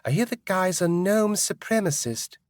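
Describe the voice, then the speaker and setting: A man's voice: high-pitched, expressive, moderate pace, no echo, studio quality, voice pushed up. A male narrator voicing a playful young female elf who gossips with a teasing tone.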